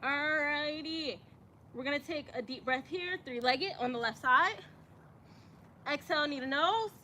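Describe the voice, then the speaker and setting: Woman yoga teacher, high bright voice, chatty and encouraging, outdoors with faint ambience. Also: a little slow, a little hiss or hum. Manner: chatty, encouraging, says y'all a lot. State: out of breath at times. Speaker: yoga instructor. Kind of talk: guiding a yoga practice. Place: outdoors in the sun.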